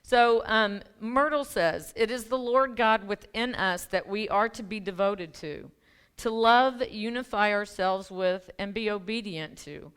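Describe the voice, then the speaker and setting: A middle-aged woman minister talks through her sermon in a relaxed, chatty way, full of ums, restarts and laughing asides. Her voice is smooth and clear at a middle pitch. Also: unhurried. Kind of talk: casual conversational sermon. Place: church sanctuary.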